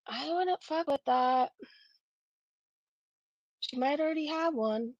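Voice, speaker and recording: A woman's voice: a little high, a little slow, long pauses, a little mellow, no room sound, highs cut off. A woman hosting a casual reaction commentary, sarcastic and blunt, who swears freely and laughs through her remarks. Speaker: reaction channel host.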